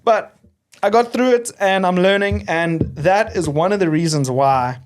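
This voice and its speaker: A man's voice: high-pitched, normal speed. A man from South Africa with a South African accent, co-hosting a podcast, telling a story in casual chat and laughing at himself often. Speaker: podcast co-host.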